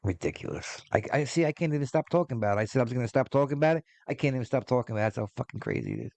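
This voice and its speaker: A man's voice: mid-range voice, big pitch swings, racing, gravelly, darkish tone, no echo. Guy in his 40s ranting on his podcast, swears a lot, rambles, dry close sound. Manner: profane, rambling, exasperated. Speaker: podcast host. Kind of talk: casual ranting monologue.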